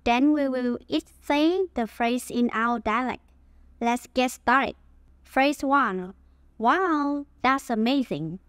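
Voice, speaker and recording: Woman teacher from Huế, Vietnamese accent, high voice, slow deliberate delivery for learners. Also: a bit bright, clear, resonant tone, no room sound. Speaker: language teacher. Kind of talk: scripted language lesson.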